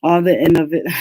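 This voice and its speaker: Her voice sits on the low side with a warm tone. She's from New England, hosting an online book club as a casual chat, laughing a lot and slightly stuffed up from a cold.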